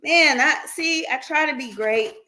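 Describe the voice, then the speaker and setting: A woman's voice: sits high, a little slow, pushed and bright, slight background noise. A woman hosting a counseling practice's livestream, chatting casually with viewers, laughing often and calling them by name.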